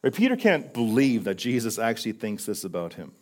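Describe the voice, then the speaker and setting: Earnest preaching man, hushed to emphatic. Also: fairly low pitch, wildly swooping pitch, a little fast, hardly any pauses. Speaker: pastor. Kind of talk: sermon.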